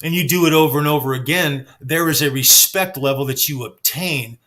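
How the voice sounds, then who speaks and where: A man telling backstage stories in a casual chat, animated and swearing freely. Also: fairly high pitch, a little fast. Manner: animated, acts out quoted dialogue, swears freely. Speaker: guest storyteller.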